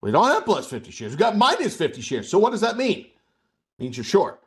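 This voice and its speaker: A man's voice: high-pitched, huge pitch swings, fairly quick. A man coaching a live trading webcast, explaining in a conversational way and often checking in with his audience. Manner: conversational, asks the audience questions and checks in with "okay?".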